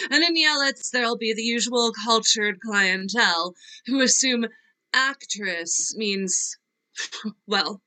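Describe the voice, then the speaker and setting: Actress as tearful young Nina. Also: female voice, on the high side, bright, forceful tone, poor audio. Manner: wavering, laughing through tears, trailing off. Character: young actress Nina, fragile, restless, wistful. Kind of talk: virtual play reading. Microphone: video call.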